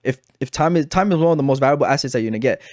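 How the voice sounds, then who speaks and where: A young man telling a story to camera in a casual, animated, exasperated way, full of filler phrases. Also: mid-range voice, racing, no echo, clean studio sound. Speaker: investing video creator.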